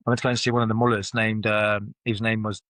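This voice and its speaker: A man recounts his past as a podcast guest, talking bluntly and swearing as the words tumble out in loose run-on phrases. His voice sits fairly low. The studio sound is dry and close, with hardly any room echo. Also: little pitch movement, fast, fairly bright tone. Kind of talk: candid personal storytelling in conversation.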